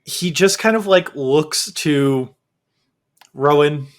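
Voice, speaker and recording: A man narrating as game master of a tabletop game, relaxed and laughing, with meandering sentences. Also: a little high, slow.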